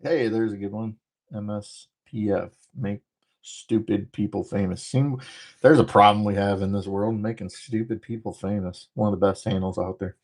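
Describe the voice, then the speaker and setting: A man from the northern United States hosting a casual livestream, talking fast and rambling through jokes while he reads out viewer comments. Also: fairly low pitch, fairly even intonation, darkish tone. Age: adult, former military. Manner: rambling, joking, talks fast. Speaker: livestream host.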